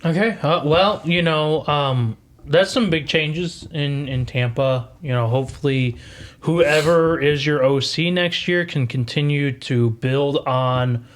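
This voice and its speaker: A man's voice: fairly high pitch, slow. Easygoing male podcast co-host. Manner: easygoing, steering with fillers like "anyhow". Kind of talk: casual sports chat.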